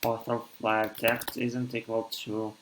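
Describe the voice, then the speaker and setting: A man from Siberia with a thick Russian accent, tired after hours of streaming, coding live and thinking aloud in a halting way as he reads code out. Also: fairly low pitch, completely flat delivery, a little hiss or hum.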